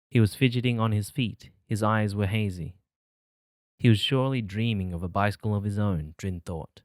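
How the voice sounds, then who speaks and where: A man narrating an audiobook in a measured, steady way on a close mic. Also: fairly low pitch, dry recording.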